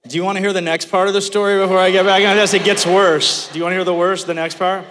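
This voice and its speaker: Man, pastor, high-pitched voice, animated storytelling sermon, long hall reverb. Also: fast talker, slight background noise. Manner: storytelling, animated, joking asides. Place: church sanctuary.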